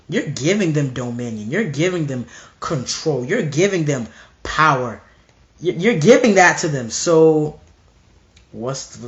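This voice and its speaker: A man's voice: a little high, reverberant. A man preaching an emphatic, repetitive monologue full of rhetorical questions.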